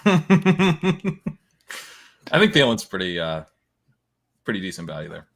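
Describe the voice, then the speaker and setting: A man's voice: sits low, very animated, takes it slowly, creaky, a bit bright. A man hosting a casual fantasy football live stream, thinking aloud about his picks and laughing easily. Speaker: fantasy football podcast host drafting live.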